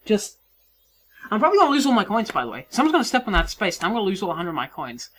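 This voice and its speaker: Casual woman let's-player, animated and self-mocking, loud one moment and mumbling the next. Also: mid-range voice, racing. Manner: chatty, swearing, self-mocking, swings between yelling and mumbling. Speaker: let's play commentator. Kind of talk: casual game commentary. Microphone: desk mic, moves around it while playing.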